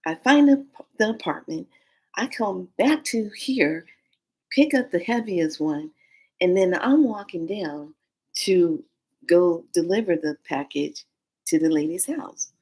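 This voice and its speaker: A woman vlogger telling a story in a casual, animated, slangy way, acting out every quote. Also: on the low side, slow, slightly rough.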